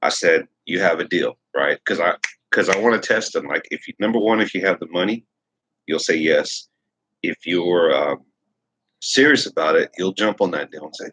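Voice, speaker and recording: A man's voice: low voice, moderate pace, fairly bright tone, husky, rough recording. A man hosting a casual livestream, rambling and repeating himself as he reads viewer comments aloud. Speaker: livestream host.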